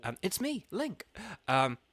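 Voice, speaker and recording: A man's voice: medium pitch, expressive, measured pace, sharp tone, dry recording. A man casually commentating a video game stream, playful and goofy with lots of ums. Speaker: gaming streamer. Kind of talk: casual let's-play commentary.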